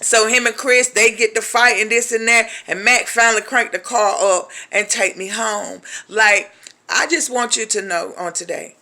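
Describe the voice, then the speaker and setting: A woman's voice: medium pitch, bright, forceful tone. A woman from a ministry giving personal testimony in an emphatic, colloquial way, addressing listeners as "honey" and acting out the voices of the people in her story.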